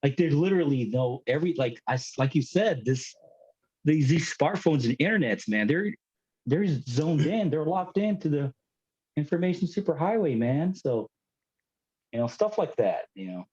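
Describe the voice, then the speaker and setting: Lively husky older dad, slangy. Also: male voice, a little high, normal speed. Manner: animated, uses slang like dude and man. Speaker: podcast co-host. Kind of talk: casual chat. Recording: dull lo-fi recording.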